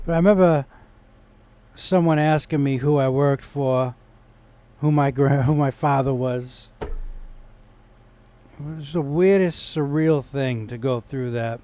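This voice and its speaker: A man's voice: medium pitch, a little mellow, clear, resonant tone. A man telling a personal story in a rambling vlog monologue, with restarts, growing indignant in places. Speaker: vlogger.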